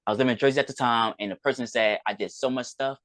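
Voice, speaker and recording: This man talks very fast at a medium pitch, his tone steady and a bit bright, with no echo. He's a podcast guest rambling through a personal story and frequently quoting what others said to him.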